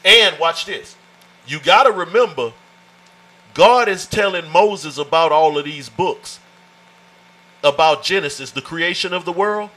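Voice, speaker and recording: A man's voice: a little high, unhurried, long pauses, sharp tone, poor audio. A man teaching a Bible study in an emphatic, folksy way, often calling out "watch this" and "amen" to his listeners. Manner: informal, folksy phrasing.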